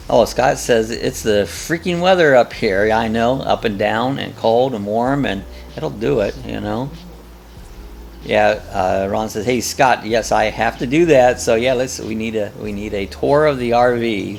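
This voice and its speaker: Host, male, gravelly, easygoing rambling chat, reads comments aloud. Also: on the low side, slight background noise. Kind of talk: casual live chat, reading viewer comments aloud.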